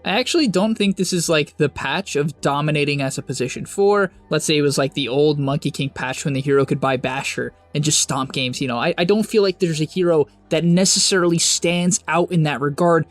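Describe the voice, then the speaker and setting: A young man hosting a game strategy guide, talking fast and emphatically with sudden high-pitched bursts, on a close mic. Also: soft background music. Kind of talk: energetic strategy guide narration.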